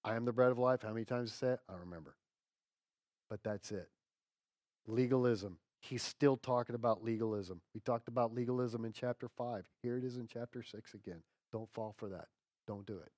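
Male pastor, animated sermon delivery, loud bursts and hushed asides, dry close recording. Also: medium pitch, fairly quick, no echo.

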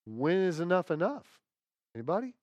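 Male pastor, animated sermon delivery, loud bursts and hushed asides, dry close recording. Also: high voice, moderate pace, no room sound, muffled recording.

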